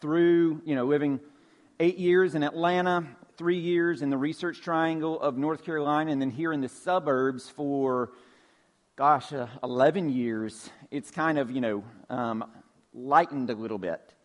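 A man's voice: a little high, steady tone, a little slow. A man in his forties from Georgia, preaching a sermon as a pastor in a loose, conversational way with a light Southern accent. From Georgia, USA. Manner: conversational, folksy, with filler words and restarts. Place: church sanctuary.

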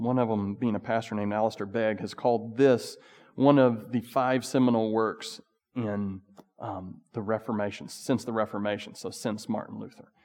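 Male pastor, mid-pitched, casual conversational sermon delivery with emphatic peaks, recorded in a reverberant hall. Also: a little mellow.

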